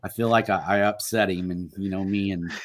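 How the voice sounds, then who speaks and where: A man co-hosting a casual podcast, joking and playfully flattering his friends. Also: deep voice, brisk. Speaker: podcast co-host. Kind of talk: casual chat.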